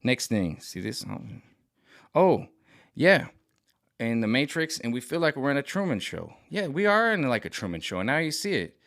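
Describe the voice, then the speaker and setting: A man's voice: medium pitch, sing-song, brisk, few pauses, a bit bright. A middle-aged man talking in a rambling, agitated vlog monologue, repeating himself and restarting often. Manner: mimics other voices sarcastically. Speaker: vlogger.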